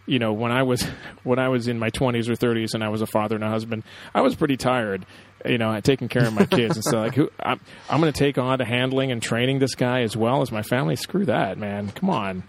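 A man's voice: medium pitch, fairly quick, gravelly, hardly any pauses. Hesitant casual male podcast co-host. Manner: hesitant, many fillers. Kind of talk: casual chat.

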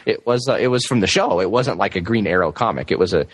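Hesitant low-voiced man musing. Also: quick pace, slightly rough, dry recording. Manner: relaxed, hesitant, thinking aloud. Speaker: podcast co-host. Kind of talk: casual TV recap chat.

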